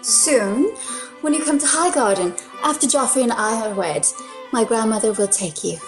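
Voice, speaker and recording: A woman's voice: fairly high pitch, moderate pace, music in the background, close to an everyday voice. A woman playing a sweet, coaxing young noblewoman. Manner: gentle, coaxing.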